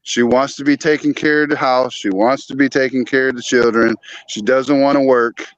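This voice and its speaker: A man's voice: medium pitch, fairly even intonation, moderate pace, no room sound, dull audio. A man talking as a guest on a morning talk show, earnest and storytelling, acting out old arguments in his voice. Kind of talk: casual talk show chat.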